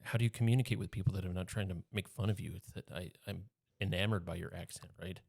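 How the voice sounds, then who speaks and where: A man co-hosting a podcast in casual chat, tossing out quick questions and short reactions. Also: deep voice, fairly even intonation, creaky, a little mellow, dry recording, clean studio sound. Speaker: podcast co-host.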